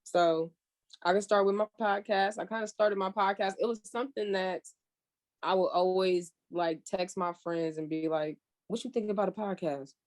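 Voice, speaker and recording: A young woman from California talks as a podcast guest in loose, casual chat. She tells her story with energy, swears freely, and acts out her own past remarks. Her voice sits at an ordinary middle pitch for a woman. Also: steady tone, normal speed. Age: young adult.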